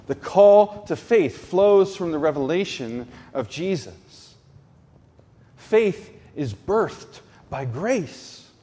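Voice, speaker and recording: Male pastor delivering a sermon; unhurried, deliberate and emphatic, in a slightly high voice. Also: darkish tone, in a large hall. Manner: slow, deliberate preaching with emphatic repetition.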